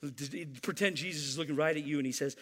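A man's voice: a little high, fast, a bit bright, long reverb tail. A man preaching a sermon to his church, emphatic and repeating key lines, teasing the congregation now and then. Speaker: pastor.

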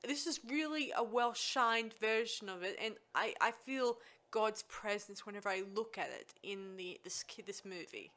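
A woman with a bright, clear tone excitedly walking through a film's plot. She rambles a little and pauses on fillers as she talks. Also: mid-range voice. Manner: enthusiastic, rambling with restarts and fillers. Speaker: co-host recapping a film. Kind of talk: casual chat.

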